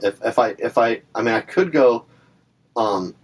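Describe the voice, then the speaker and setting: With a mid-range voice and an unhurried pace, a man explains ukulele examples in a chatty, informal way full of fillers and asides. Loud music plays behind his voice, and the instrument sounds between his phrases.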